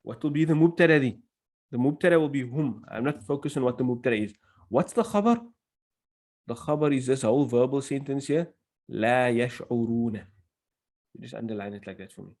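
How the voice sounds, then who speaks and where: A man's voice: medium pitch, fairly quick, a little mellow. Patient man teaching Arabic grammar. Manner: patient, explains step by step, mixes Arabic phrases into English. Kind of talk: classroom grammar lesson.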